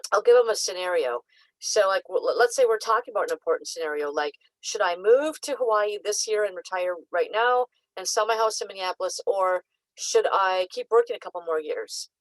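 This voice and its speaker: A woman speaks as a psychic coach in a loose, chatty teaching style, full of "like" and "um" fillers. She talks in a mid-range voice and breaks into lively acted-out asides. The sound is dry and close, with little room behind her. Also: mid-range voice, no echo, rough recording. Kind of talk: casual spoken teaching to camera.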